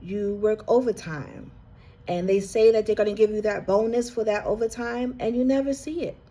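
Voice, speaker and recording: With a steady, mellow, medium-pitched voice at a moderate pace, a woman gives an intuitive card reader's collective reading straight to the listener. It is earnest and heartfelt, and she is emotional enough to come close to tears at times.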